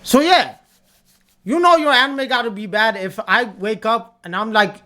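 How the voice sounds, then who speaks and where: A medium-pitched, sharp-toned voice at normal speed belongs to a young adult streamer. Ranting at live chat during tier-list commentary, they repeat themselves emphatically and swear a lot.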